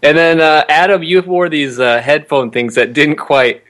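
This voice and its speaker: A man hosting a casual podcast, relaxed, asking the cast questions. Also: a little high, moderate pace. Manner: relaxed, asks questions, laughs along. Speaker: podcast host, director. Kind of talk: casual interview chat.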